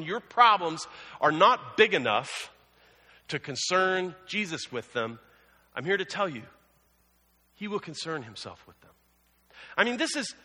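Lively pastor preaching in an echoing hall. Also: male voice, fairly high pitch. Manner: conversational storytelling with humorous asides. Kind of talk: sermon. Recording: long hall reverb.

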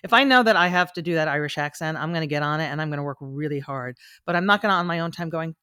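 A low-voiced woman talks fast with few pauses, her tone sharp, clear, and resonant, captured in studio quality without room sound. She's a stage actor and coach appearing on a casual podcast, speaking earnestly and reflectively and often restarting her sentences.

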